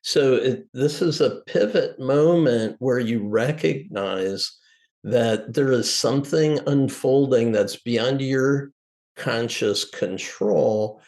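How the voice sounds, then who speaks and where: Slow, gravelly-voiced male podcast host. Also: mid-range voice, darkish tone. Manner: measured, thoughtful, paraphrases the guest. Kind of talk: interview talk.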